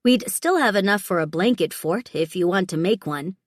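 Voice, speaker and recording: A woman's voice: on the low side, expressive, normal speed, no room sound, studio quality. Teasing young heroine, read by a woman. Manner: light, teasing and questioning. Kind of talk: audiobook character voice.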